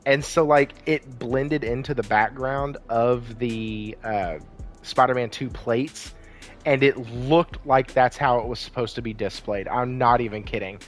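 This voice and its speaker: A man's voice: mid-range voice, fairly even intonation, measured pace, soft background music. A man co-hosting a casual gaming podcast, joking and teasing in an easygoing way. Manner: jokey, laughs often, teasing. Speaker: podcast co-host.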